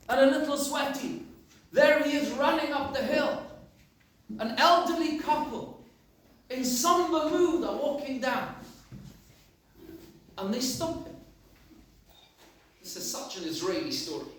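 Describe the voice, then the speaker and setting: A man's voice: very high-pitched, fairly bright tone, slight background noise. A man, a rabbi, giving a sermon and telling stories with emphatic, reflective delivery. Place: large synagogue hall. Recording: echoey synagogue from far off.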